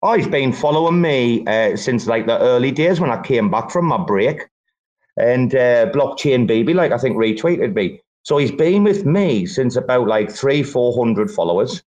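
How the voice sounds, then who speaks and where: Young male host, casual live chat, loose swearing banter. Quick and jokey. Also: medium pitch, animated, darkish tone, rough recording. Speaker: host of the space. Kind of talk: casual crypto chat on a live audio space.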